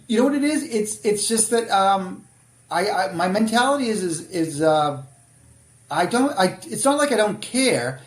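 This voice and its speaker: A man's voice: sits high, expressive, normal speed, echoey room. A middle-aged man with a Boston accent, a guest author telling stories bluntly and animatedly in a casual interview. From Boston area, USA.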